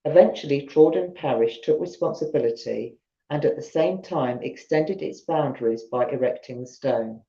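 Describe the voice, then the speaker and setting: Streaming from the sofa at home, this storyteller with a Southern English accent reads ghost stories aloud and chats with viewers between them. Her extremely low, warm voice keeps a moderate pace, heard through roomy, dull lo-fi audio.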